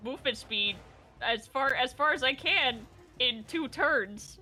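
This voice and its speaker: A woman playing a tabletop game, animated and excitable as she describes her character's moves. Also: high voice, measured pace, soft background music. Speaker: player.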